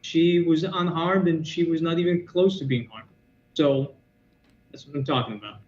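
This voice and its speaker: A man, a martial arts teacher, explaining ideas and telling stories quickly as a podcast guest over a remote call. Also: on the high side, darkish tone. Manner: quick, explanatory, storytelling with asides. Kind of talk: podcast interview. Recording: echoey, dull lo-fi sound.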